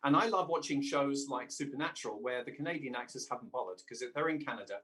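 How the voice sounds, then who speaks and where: A man's voice: mid-range voice, fairly bright tone. A man, a voice actor chatting as a guest in an interview and often restarting his sentences. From England. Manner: halting, many restarts and fillers. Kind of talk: casual interview chat.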